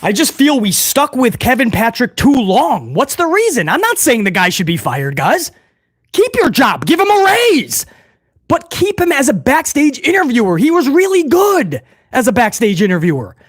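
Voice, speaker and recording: A man's voice: very high-pitched, huge pitch swings, normal speed, breathy edge, no echo, studio quality. A man hosting a wrestling news channel, talking casually and bluntly to his viewers and calling them guys. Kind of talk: casual opinionated commentary to viewers.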